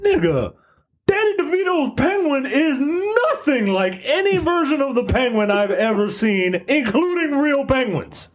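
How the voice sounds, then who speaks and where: A man's voice: very high voice, very animated, unhurried. A man co-hosting a podcast in casual chat, joking and swearing, laughing a lot. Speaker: podcast co-host.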